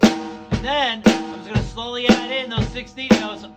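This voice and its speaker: A man giving a casual drum lesson in a relaxed, easygoing way, full of fillers, counting strokes aloud as he plays. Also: very high-pitched, a little slow, loud music behind the voice. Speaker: drum teacher. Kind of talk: casual instructional talk. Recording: speech over loud drumming. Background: loud drum kit playing.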